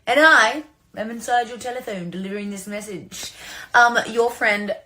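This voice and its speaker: A woman's voice: on the high side, moderate pace, sharp tone. A young adult woman with an Australian accent, sending a playful and sincere recorded message with many fillers and restarts.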